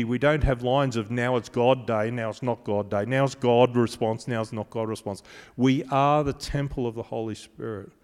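A man's voice: on the low side, a little mellow. Preaching man in a reverberant hall. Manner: emphatic, repetitive preaching cadence. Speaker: pastor. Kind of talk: sermon.

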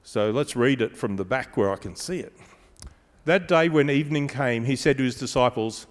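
Preacher in an echoing hall. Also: male voice, medium pitch. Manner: measured and emphatic, slowing on key phrases, with dry asides. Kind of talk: sermon. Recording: long reverb of a large hall.

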